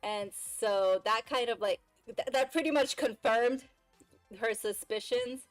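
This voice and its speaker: A woman's voice: on the high side, a little slow, dry recording, faint music behind, low-quality recording. A woman streamer retelling a story in a casual, chatty way, full of fillers and exasperated asides.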